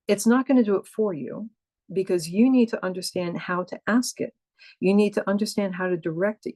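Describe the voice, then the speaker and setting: A woman's voice: mid-range voice, no echo. An older woman, a coach, talking casually about AI in a chatty, emphatic way with exclamations and asides. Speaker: coach and speaker on AI. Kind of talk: casual monologue.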